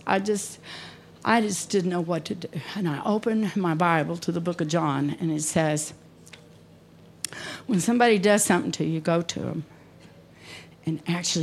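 Woman preacher, low voice, emotional storytelling sermon, faint background noise. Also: measured pace, pauses often, a little mellow. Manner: emotional personal storytelling, dropping to near whispers. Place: conference hall.

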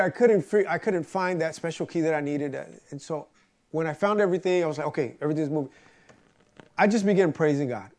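Man, preacher, casual sermon, earnest, emphatic repetition, a little high-pitched. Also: darkish tone. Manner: earnest, storytelling, repeats phrases for emphasis. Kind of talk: conversational sermon.

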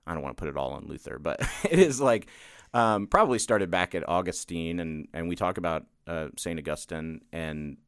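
A man co-hosting a casual podcast discussion, speaking in a thoughtful, agreeable way with quick asides. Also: sits low, lively intonation, smooth, dry recording, studio quality. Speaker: podcast co-host.

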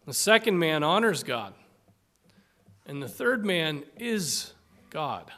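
Male preacher, sermon, slow deliberate delivery, slightly high voice, dramatic swells. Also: very animated, a bit bright.

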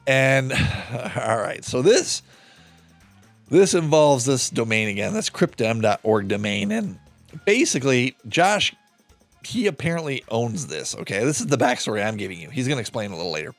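A man with a mid-range voice hosts a true-crime podcast, reading chat logs aloud and commenting on them with sarcasm and plenty of swearing. His pitch swings widely and his pace is moderate. The audio has no echo, with faint music in the background.

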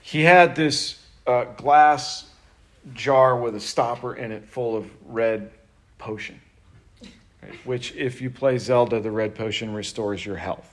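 A man's voice: mid-range voice, slow. A middle-aged man preaching a sermon in a conversational way, joking with the congregation and acting out quotes. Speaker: pastor.

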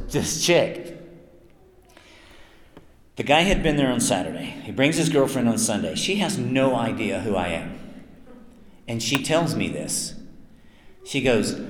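Chatty voice actor in echoey hall. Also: male voice, mid-range voice, measured pace, pauses often. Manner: chatty, self-mocking, lively anecdotes with acted quotes. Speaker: voice actor guest at a convention panel. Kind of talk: convention Q&A storytelling. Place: convention panel room. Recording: echoey hall, some noise.

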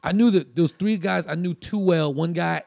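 A man's voice: a little high, normal speed, vocal fry, darkish tone, no echo. A man telling a long story in casual chat, rambling with fillers and restarts.

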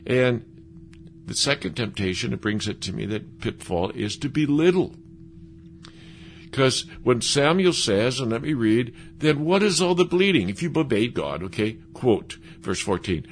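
A man preaching a sermon, lively and animated, acting out the voices of the people he quotes. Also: medium pitch, unhurried, slight background noise.

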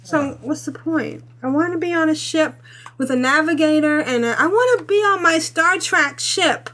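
A woman with a high voice chats on a gaming podcast. She is animated and insistent, and often pokes fun at herself. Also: moderate pace. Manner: animated, insistent, self-mocking. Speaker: podcast co-host. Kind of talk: casual gaming podcast chat.

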